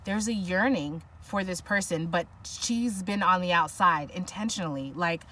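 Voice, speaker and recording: A woman gives an intuitive tarot reading in a soft, lowish voice at a moderate pace, recorded from a distance. She muses aloud, searches for words and restarts often, becoming emotional at times.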